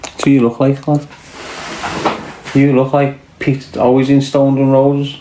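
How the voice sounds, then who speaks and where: A man's voice: mid-range voice, completely flat delivery, a little slow, echoey room, noisy background. A man with a Scouse accent hosting a casual livestream, trading crude, swearing, mocking banter with his chat. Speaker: livestream host reading chat.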